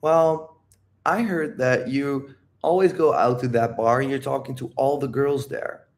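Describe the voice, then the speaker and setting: A man voicing a hurt girlfriend who hesitantly opens up, speaking softly and haltingly. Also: medium pitch, steady tone, close to an everyday voice. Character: hurt girlfriend opening up slowly, woman.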